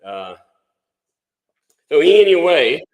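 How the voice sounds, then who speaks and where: A man's voice: fairly high pitch, sing-song, drawn-out words, echoey room, in a large hall, low-quality recording. A man, hosting a casual livestream and rambling in a folksy way, often repeating words. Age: 60s. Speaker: livestream host, music instructor.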